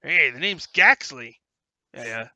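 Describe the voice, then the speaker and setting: A man playing a brash gnome newspaper chief, talking around a cigar, pitched up high and loud, pushing deals hard. The game master voices him with a bright, sharp edge in a dry room. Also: expressive, measured pace, dry recording, muffled recording, full character voice.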